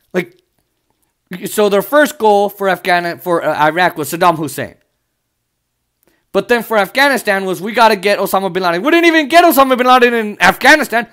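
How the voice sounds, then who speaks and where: A man's voice: sits high, lively intonation, normal speed, long pauses, fairly bright tone. A man from the United States giving heated, sarcastic political commentary, swearing often as he rants.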